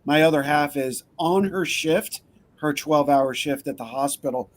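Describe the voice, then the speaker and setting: Upbeat male host on a video call, slightly high-pitched, playful and welcoming. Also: moderate pace. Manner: upbeat, playful, greets people by name. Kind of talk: casual chat.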